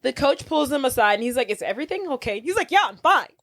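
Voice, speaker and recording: Woman podcast co-host, a bit high, blunt opinions, casual. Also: sing-song, quick pace, fairly bright tone. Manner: blunt, opinionated, mock-disgusted. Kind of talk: casual chat.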